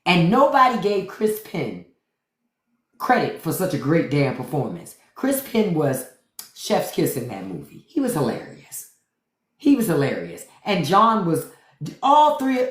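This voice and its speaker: A woman's voice: low-pitched, huge pitch swings, unhurried, echoey room. A woman host giving blunt, profane commentary to livestream viewers, repeating her points. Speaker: podcast host.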